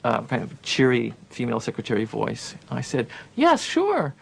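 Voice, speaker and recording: A man's voice: mid-range voice, level tone, fairly quick, vocal fry, husky. A man recounting how he joined an experiment, matter-of-fact, in an interview. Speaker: former participant interviewed. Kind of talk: interview recollection.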